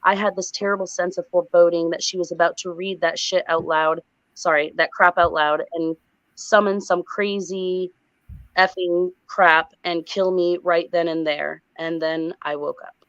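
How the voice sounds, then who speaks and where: Woman telling a dream, animated. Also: fairly low pitch, moderate pace, no room sound. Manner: animated, breathless storytelling. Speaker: guest. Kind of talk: retelling a dream on a livestream. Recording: dull lo-fi sound.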